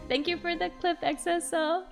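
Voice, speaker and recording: A woman's voice: very high-pitched, steady tone, moderate pace, creaky, soft background music. A young woman streamer giving giggly, playful commentary during a live game stream.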